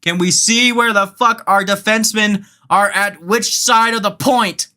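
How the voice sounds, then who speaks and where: A bright, sharp-edged voice calling a hockey video game play by play, swinging between quick announcer patter and cursing outbursts at bad passes. Loose, excitable and unfiltered, as if streaming a match alone. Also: mid-range voice. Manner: excitable, profane, yells at the game. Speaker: gamer commenting own match.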